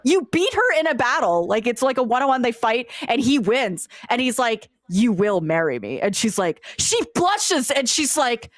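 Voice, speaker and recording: A woman's voice: on the high side, expressive, moderate pace, hardly any pauses, no echo. A woman co-hosting a casual game review chat, animatedly retelling scenes and acting out characters' lines, swearing now and then. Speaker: podcast co-host.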